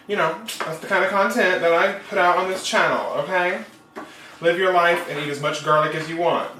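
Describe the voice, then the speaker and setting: An upbeat man talks to his viewers while cooking, joking as he goes. His voice is bright and forward. The sound carries a roomy kitchen echo with a faint hiss behind it. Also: fairly high pitch. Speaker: YouTube vlogger and writer. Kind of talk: casual chatty vlog while cooking. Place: home kitchen.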